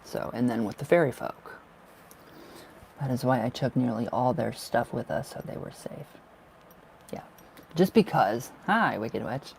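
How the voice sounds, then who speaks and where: A man chats through a live tarot reading, gushing and affectionate, breaking into laughs. His voice sits at a middling pitch with a gravelly fry. A faint hiss runs under the home webcam recording. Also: expressive, measured pace, pauses often. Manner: warm, gushing, laughs often. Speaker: tarot reader. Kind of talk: casual livestream chat.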